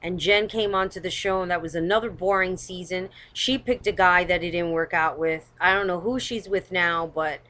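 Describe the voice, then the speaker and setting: A woman's voice: on the low side, steady tone, normal speed, hardly any pauses, fairly bright tone. A woman giving casual, opinionated commentary as host of her own live stream. She talks bluntly, swears, and rambles with lots of hedging, recorded on a webcam. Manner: blunt and rambling, swears, hedges with "I don't know".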